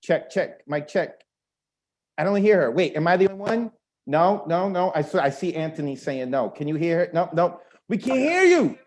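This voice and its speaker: A man's voice: a little high, big pitch swings, normal speed, darkish tone. A man hosting an online open mic over a video call, joking and chatting between performers. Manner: playful, joking, rambling asides.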